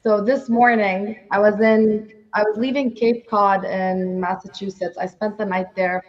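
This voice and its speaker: A woman's voice: medium pitch, steady tone, unhurried. A woman with a foreign accent, co-hosting a podcast and telling a story in casual chat with laughs. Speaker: podcast co-host. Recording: dull lo-fi sound.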